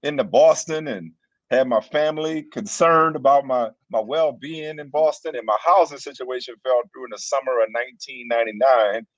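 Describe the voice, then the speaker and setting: A man from New Orleans, a guest, telling a story in casual chat, animated and self-mocking. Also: medium pitch, normal speed, no room sound, lo-fi sound. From New Orleans, US South. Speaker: guest, co-host of another show.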